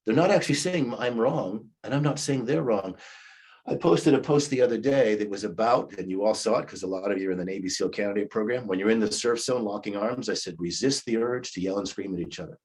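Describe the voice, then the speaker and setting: Husky-voiced man in his fifties teaching. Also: fairly low pitch, a little fast, darkish tone. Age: 50s. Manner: conversational teaching, acts out quoted replies. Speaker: leadership coach. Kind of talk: recorded class lecture.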